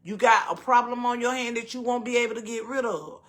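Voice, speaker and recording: Southern lady in her middle years just talking, cusses a bit, voice real bright and forward. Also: fairly high pitch, a little fast. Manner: blunt, profane, acts out quoted voices. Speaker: host. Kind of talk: casual storytelling chat.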